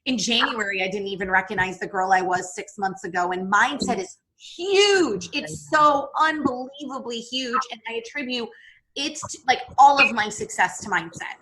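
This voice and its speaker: Woman podcast guest, bright higher voice, emphatic and candid, salty language. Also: a little hiss or hum, poor audio. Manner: emphatic, swears freely, quotes herself. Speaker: podcast guest, business coach.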